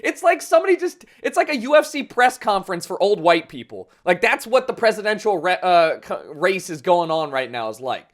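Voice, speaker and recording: A man's voice: high voice, very animated, fairly quick, hardly any pauses. A young man ranting casually and sarcastically about politics, swearing often and rambling. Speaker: vlogger.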